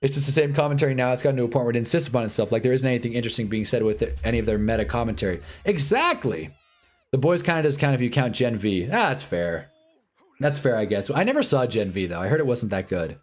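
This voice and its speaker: During a sports watch-along, a young male livestream host chats casually in an animated, mid-range voice. He's rambling and candid, swearing and repeating himself, and does quick impressions of the people he quotes.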